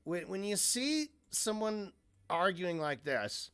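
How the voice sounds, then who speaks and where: Guy streaming a reaction, kinda high voice, talks slow, rambles and cusses. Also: sing-song, a bit bright, clean tone, dry recording, clean studio sound. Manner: rambling, self-interrupting, swears freely. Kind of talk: casual reaction commentary.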